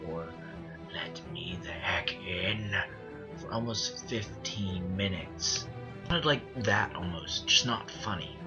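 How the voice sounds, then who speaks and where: A man with a fairly low voice narrates a first-person horror story. He tells it earnestly, stumbling and restarting phrases and slowing down on the eerie details. The recording sounds dull and lo-fi, with a clear music bed under his voice.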